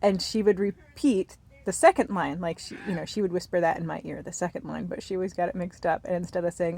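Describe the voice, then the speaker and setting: A woman in her thirties chatting casually while lying in bed, rambling softly with many fillers and sometimes dropping to a whisper. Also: fairly low pitch, steady tone, quick pace, vocal fry, hardly any pauses, breathy edge. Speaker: vlogger. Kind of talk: casual chat to camera.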